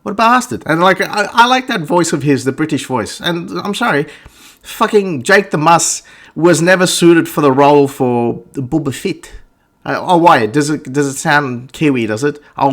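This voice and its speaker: A man's voice: fairly high pitch, expressive, normal speed. A man ranting through a blunt, profane game review monologue, stammering and restarting his sentences. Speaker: gaming vlogger.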